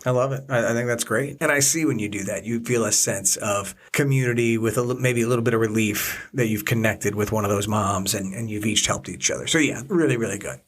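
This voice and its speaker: A man's voice: fairly low pitch, brisk, few pauses. A man co-hosting a podcast with his wife, casual and supportive, often joking and laughing. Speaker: podcast co-host. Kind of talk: casual chat.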